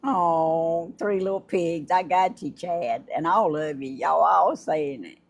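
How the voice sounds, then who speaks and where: An older woman hosts a casual live stream, talking straight to her viewers in a slightly husky voice. She speaks slowly and unhurriedly, her pitch swooping up and down as she chats and laughs. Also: animated. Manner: chatty, effusive, laughs often, talks to viewers. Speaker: livestream host. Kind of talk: casual live chat unboxing gifts.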